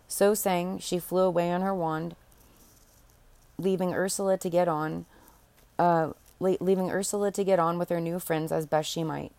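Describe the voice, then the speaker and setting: A woman's voice: on the low side, steady tone, moderate pace, vocal fry, darkish tone, dry recording. A woman reading a fairy tale aloud in an unpolished way, stopping to restart and correct herself. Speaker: audiobook reader. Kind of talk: storybook narration.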